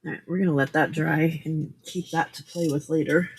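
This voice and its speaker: A woman's voice: deep voice, fairly even intonation, moderate pace, husky. A woman hosting a late-night crafting livestream, chatty and giggly as she talks through each step at her craft table at home. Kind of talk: casual chat while crafting.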